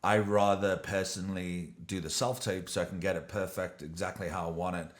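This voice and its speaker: A man's voice: low-pitched, steady tone, fairly quick. A man who is an actor and podcast host, chatting casually and agreeing often. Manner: agreeable, frequent "yeah" backchannels. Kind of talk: casual chat.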